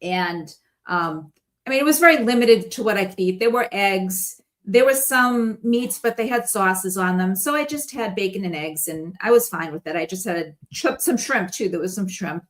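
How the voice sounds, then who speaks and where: A woman's voice: medium pitch, lively intonation, normal speed. A woman guest in casual conversation, telling stories in a chatty way and laughing often. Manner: chatty storytelling with frequent laughs.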